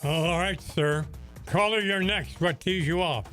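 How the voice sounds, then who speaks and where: A man's voice: high-pitched, unhurried, over music. Genial man in his nineties. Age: 90s. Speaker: radio co-host. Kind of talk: casual radio banter. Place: radio studio.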